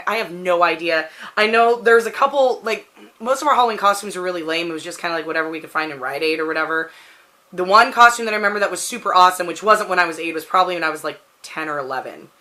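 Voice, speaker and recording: Woman, 30s, Pacific Northwest American accent, rambling vlog chat, bright tone, lowish pitch. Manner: rambling, chatty, frequent "like" fillers. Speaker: vlogger answering a question tag. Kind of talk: casual chat.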